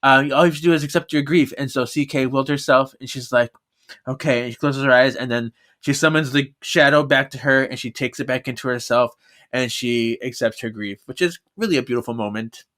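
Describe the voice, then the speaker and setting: A man co-hosting a podcast, recapping a book in casual chat, animated and laughing often as he quotes the characters. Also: medium pitch. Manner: animated retelling with quick quoted voices and frequent laughs. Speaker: podcast co-host.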